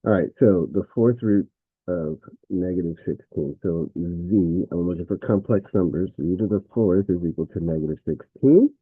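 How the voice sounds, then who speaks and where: A man's voice: low voice, lively intonation, normal speed, husky, no echo, phone-quality sound. A man teaching a recorded math lesson, thinking aloud as he works through problems and correcting himself with frequent fillers.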